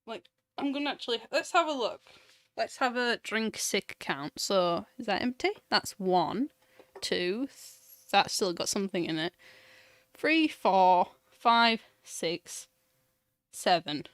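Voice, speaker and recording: A woman's voice: mid-range voice, animated, measured pace, fairly bright tone. A woman with a Yorkshire accent, chatting and teasing her partner on a casual live stream.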